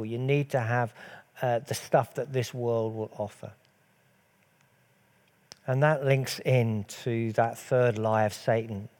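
A man's voice: medium pitch, a little mellow. A man preaching a sermon earnestly, asking rhetorical questions and letting his voice swell and drop.

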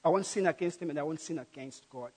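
Man voicing a young man firmly refusing, low-key, lightly raised pitch. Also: fast talker, darkish tone, husky, in a large hall. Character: young man refusing temptation, firm and quiet.

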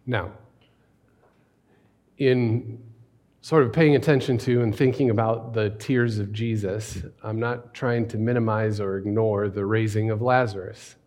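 A man preaching a sermon in a conversational, questioning way, dropping to a hush on key words. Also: on the low side, fairly even intonation, a little slow. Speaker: pastor.

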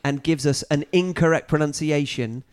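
A man's voice: fairly high pitch, normal speed, clean tone. Man hosting a chat podcast. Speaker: podcast host. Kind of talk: casual chat.

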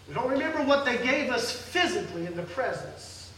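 A man preaching an emotional sermon, swinging between loud calls and soft pleading, recorded from afar in a large church hall. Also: very high-pitched, animated, fairly quick, slight background noise. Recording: echoey hall from far off.

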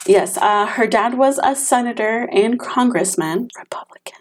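A woman's voice: a little high, unhurried. A young woman co-hosting a casual podcast chat, telling stories full of fillers like "um" and "like.". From another country. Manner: chatty, storytelling, lots of fillers. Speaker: podcast co-host.

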